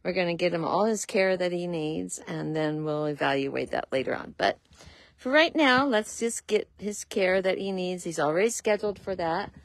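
A woman from a horse rescue walking through the barnyard, explaining each animal's care in a casual vlog and cooing to them in a high sing-song. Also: moderate pace, dry recording. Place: outdoors at a farm with horses.

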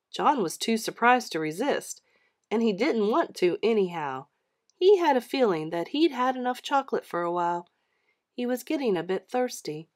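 Read-aloud narrator: woman, lively pitch, expressive, steady storytelling.

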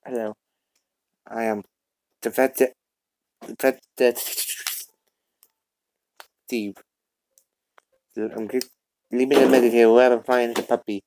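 A man's voice: medium pitch, flat delivery, slow, gravelly, pauses often, dark tone, poor audio. A man voicing a solemn male vet who pleads earnestly and stumbles over his words in a fan comic dub.

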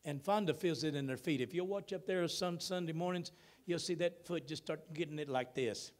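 Pastor, man, fairly high voice, preaches with stretched words and loud emphatic bursts. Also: moderate pace. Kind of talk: sermon. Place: church sanctuary.

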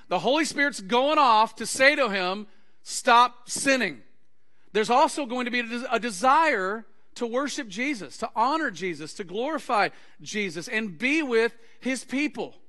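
A male pastor preaching a sermon to his congregation, acting out anecdotes and quoted conversations with lively energy. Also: high-pitched. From Texas. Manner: animated preaching with acted-out anecdotes. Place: church sanctuary.

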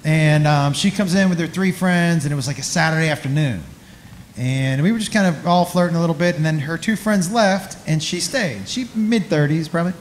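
A man's voice: fairly high pitch, fairly quick, reverberant, slight background noise. A man telling a crude, self-mocking stand-up story on a comedy club stage.

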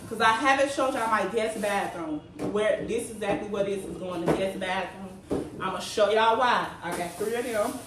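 High-pitched woman doing a home decor haul, echoey room, lots of noise behind. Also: normal speed. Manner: chatty, addresses viewers as y'all. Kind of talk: casual haul vlog. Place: home, indoors. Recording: echoey room, mic at a distance, noisy.

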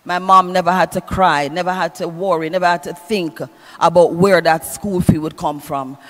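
A woman with a lowish, steady voice preaches a funeral eulogy in church at a moderate pace, reading scripture in a sing-song preaching cadence and calling out to the congregation. Long church reverb and music surround her.

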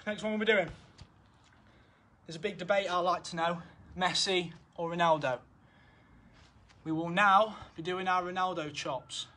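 A man's voice: high-pitched, steady tone, a little slow, pauses often, bright, forceful tone. A young man coaching football drills in his garden, upbeat and encouraging, counting down each set while out of breath. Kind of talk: home football drill session. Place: garden, outdoors.

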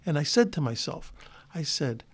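Husky and fairly high-pitched, with big swings in pitch, the voice moves at a normal speed. It belongs to an older guest actor from Chicago who, in a relaxed interview, wanders through long anecdotes and often starts over.

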